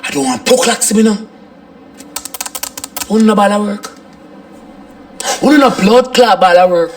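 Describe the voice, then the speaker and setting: A man's voice: sits high, measured pace. A man playing a fed-up Jamaican wife. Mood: angry. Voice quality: patois slang, swears often. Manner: emotional, swings from ranting to crying. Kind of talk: comedy skit.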